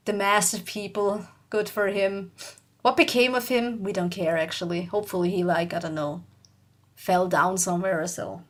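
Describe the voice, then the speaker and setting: A woman's voice: mid-range voice, fairly even intonation, normal speed. Chatty young woman telling a story. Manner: chatty, rambling, laughs often, acts out quotes. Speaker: YouTuber. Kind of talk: casual storytelling vlog.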